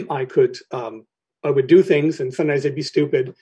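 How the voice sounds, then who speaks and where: Man, middle-aged, recovery share, hesitant, throat clearing, husky, mellow tone. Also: medium pitch, steady tone, highs cut off. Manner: halting and candid, with frequent throat clearing and ums. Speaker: recovery meeting speaker.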